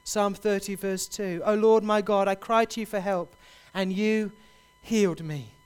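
A man preaching a sermon, building to loud, impassioned repeated cries. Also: high-pitched, steady tone, measured pace, clear, resonant tone.

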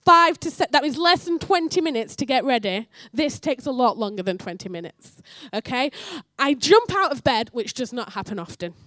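A woman giving a sermon in church, telling a story and acting out the dialogue with lively energy. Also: high-pitched, moderate pace, few pauses, dry recording, studio quality. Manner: animated storytelling, acts out dialogue. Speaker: church speaker.

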